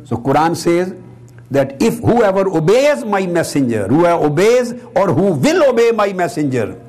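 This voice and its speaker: Husky-voiced man giving an earnest lecture. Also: high voice, very animated, normal speed, darkish tone. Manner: explanatory, repeats words for emphasis. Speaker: Islamic scholar and speaker. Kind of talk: religious lecture. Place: Islamic center hall.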